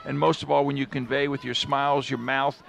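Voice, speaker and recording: Gravelly-voiced male football commentator. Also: mid-range voice, flat delivery, fairly quick, fairly bright tone, a little hiss or hum. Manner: chatty, reflective asides between plays. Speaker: play-by-play commentator. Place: stadium commentary booth with air conditioner.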